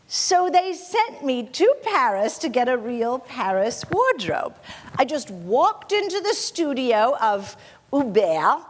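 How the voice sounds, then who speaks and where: A gracious aging film actress, played by a woman on stage, telling her memories softly and modestly with a bright, higher voice that swoops lively up and down. She takes her time, unhurried and gentle. The voice rings out with the long reverb of a hall. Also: full character voice. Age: 60s. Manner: soft, gracious storytelling with frequent light laughter. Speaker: actor in a one-woman portrayal. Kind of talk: theatrical monologue.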